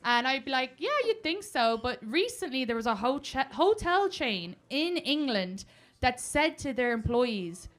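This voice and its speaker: A young Irish woman doing stand-up crowd work on a club stage, brash and swearing, laughing through her punchlines. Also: on the high side. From Ireland. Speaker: stand-up comedian. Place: comedy club stage before a live audience. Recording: live club audio with loud crowd and noise.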